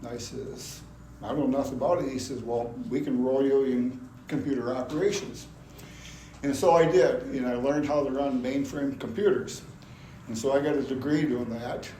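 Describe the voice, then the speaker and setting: In a roomy church hall with a faint hum, an Iowa man gives his personal testimony in a steady, dark, mid-range voice at normal speed. He tells his story folksily, acting out the voices of the people he quotes.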